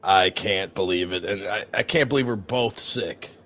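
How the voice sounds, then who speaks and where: A man voicing a deadpan male co-host sidekick who mumbles flat, low replies. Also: moderate pace.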